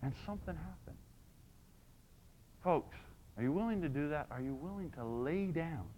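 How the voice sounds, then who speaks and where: Animated high-pitched male preacher. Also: normal speed, a little hiss or hum, low-quality recording. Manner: animated, swings from soft to shouting. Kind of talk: sermon.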